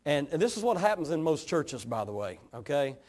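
High-voiced male preacher, fired up, keeps repeating himself for punch, swings loud and soft. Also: very animated, brisk. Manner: fervent, emphatic, repeats words for effect. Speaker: pastor. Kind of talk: sermon.

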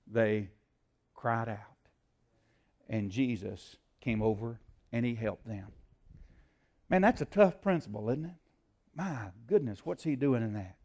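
An older man preaching a sermon to a church congregation, asking the crowd questions and building to loud shouts. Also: medium pitch, a little slow, long pauses. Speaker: pastor. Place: church sanctuary.

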